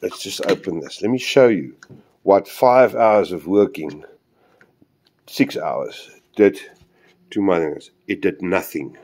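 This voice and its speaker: A man's voice: deep voice, animated, takes it slowly, a little mellow. Rambling chatty hobbyist man. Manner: rambling, chatty, addresses viewers as boys. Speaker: model railway hobbyist. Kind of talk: casual hobby demonstration.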